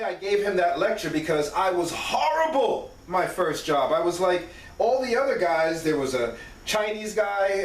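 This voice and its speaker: A man with a high-pitched voice tells stories casually and with animation, acting out the voices of people he quotes. He sounds some distance from the microphone, and his words echo around a roomy space. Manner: animated, acts out quoted voices, frequent "right?". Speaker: podcast host. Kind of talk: casual storytelling monologue.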